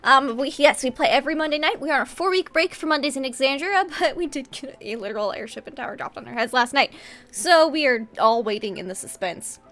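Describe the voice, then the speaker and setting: A woman's voice: sits high, lively intonation, quick pace, fairly bright tone. A woman hosting and running a tabletop game stream, signing off in a bubbly manner with frequent laughs. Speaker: host and game master. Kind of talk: casual stream sign-off.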